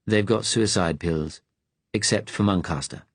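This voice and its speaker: A man voicing a cold male conspirator who speaks flatly. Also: deep voice, measured pace, no room sound. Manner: cold and flat.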